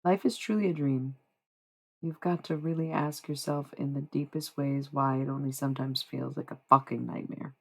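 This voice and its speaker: A live streamer talking loosely with the chat, swearing and laughing, with a gravelly fry under the voice. When reading the spiritual passages aloud, the pace slows into a deliberate, thoughtful delivery. The pitch sits in a middle range. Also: steady tone, rough recording.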